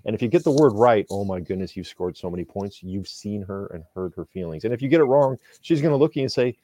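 Low-voiced animated therapist man. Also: quick pace, slight background noise. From Indiana. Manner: animated, emphatic, swings loud and soft. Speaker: couples therapist. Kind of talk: casual podcast chat.

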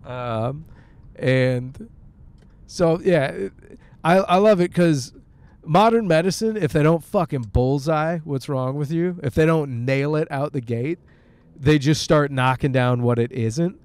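Man host, sick with a sore throat, rambling from the driver's seat; smooth clear voice, a bit high, dry close sound, jokey and profane. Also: unhurried, darkish tone, no room sound. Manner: joking, profane, laughs often. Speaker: podcast host. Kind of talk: casual rambling monologue while driving. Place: car, on the road.

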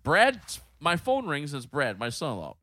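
A middle-aged man hosts a casual podcast chat, telling a heavily profane story and animatedly acting out both sides of the conversation. His voice is on the high side, at a normal speed, in a dry recording.

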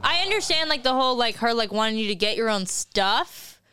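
Bright, crisp-voiced woman chatting. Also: on the high side, expressive, fairly quick, no echo. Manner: chatty, lots of "like" fillers. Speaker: podcast co-host. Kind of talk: casual chat.

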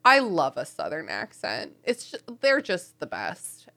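A woman hosting a casual podcast, upbeat and quick to laugh. Her voice is low-pitched but bright and crisp in tone. She is from the American South. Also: wildly swooping pitch. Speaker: podcast host.

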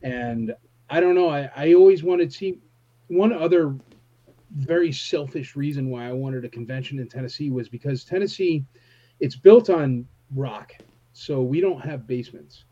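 A man's voice: medium pitch, moderate pace, warm tone. A man in a casual chat, talking in a laid-back, candid way and calling people "man" and "dude". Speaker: convention promoter. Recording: dull, lo-fi sound.

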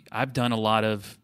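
A man's voice: lowish voice, fairly bright tone, clear, resonant tone. A man in his thirties co-hosting a casual talk about faith, reflective and often restarting his sentences. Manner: reflective, self-correcting, with frequent restarts. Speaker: podcast co-host.

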